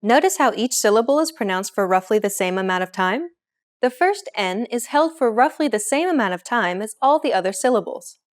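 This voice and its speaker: A woman narrating a scripted pronunciation lesson as the teacher, clear and upbeat. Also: a little high, lively intonation, fairly quick.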